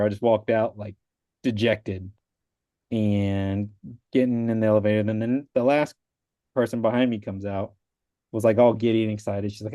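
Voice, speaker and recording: A married adult man with young kids, appearing as a guest on a video call, loosely tells how he passed his exam, rambling with lots of "like" and acting out the voices of those he quotes. He has a fairly low pitch and a dark tone. The recording is dry with clean studio sound.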